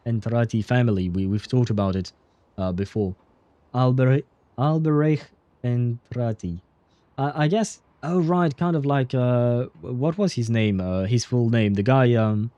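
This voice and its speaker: A man's voice: medium pitch, dark tone, no room sound, highs cut off. A man streaming a game, chatting casually in a rambling, hesitant way, with many fillers and chuckles. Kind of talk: casual livestream commentary.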